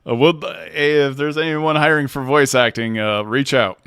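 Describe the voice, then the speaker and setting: A man's voice: fairly high pitch, slow pace, creaky, fairly bright tone, clear, resonant tone, no room sound, clean studio sound. A man hosting a casual livestream chat who talks playfully and laughs often. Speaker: host.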